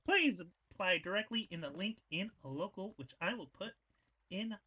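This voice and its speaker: A man's voice: high voice, lively intonation, normal speed, bright, forceful tone, breathy edge, rough recording. A man calling wrestling matches and announcing winners, with a playful, joking banter style. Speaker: wrestling commentator and ring announcer. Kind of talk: excited play-by-play commentary.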